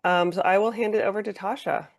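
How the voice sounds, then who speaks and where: A woman's voice: mid-range voice, fairly even intonation, fast talker. A woman moderating a panel on a video call, giving brief, friendly handoffs. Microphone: computer mic on a video call.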